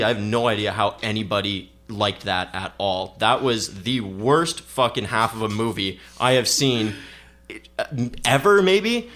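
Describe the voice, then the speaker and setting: A man's voice: mid-range voice, pushed and bright. Blunt, profane man ranting. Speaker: podcast guest. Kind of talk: casual chat.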